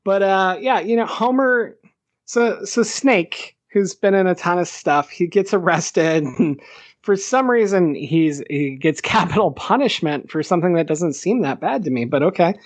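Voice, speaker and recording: A man's voice: sits high, lively intonation, measured pace, dry recording. A man hosting a casual podcast, easygoing and laughing as he talks. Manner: easygoing, laughs while talking. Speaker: podcast host.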